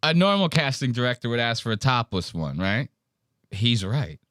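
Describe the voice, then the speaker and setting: A man's voice: mid-range voice, sing-song, moderate pace, fairly bright tone, dry recording. A man hosting a podcast, reacting to clips in a casual, profane, wry way. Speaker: podcast host.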